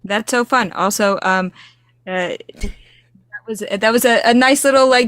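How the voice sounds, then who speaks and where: A woman co-host chatting on a casual live stream, often pausing with ums. Her voice is slightly high and sounds dry and close. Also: fairly bright tone, no echo. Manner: chatty, hesitant fillers. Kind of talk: casual livestream chat.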